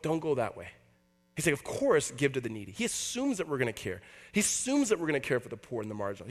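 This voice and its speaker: A man, a pastor, preaching a conversational sermon to a church congregation and acting out the voices he quotes. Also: mid-range voice. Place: church hall before a congregation.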